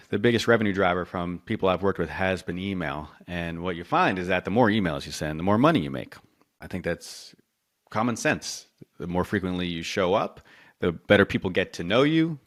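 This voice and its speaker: Man, fairly low voice, interview guest, casual, animated, restarts a lot, acts out quotes. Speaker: marketing consultant guest.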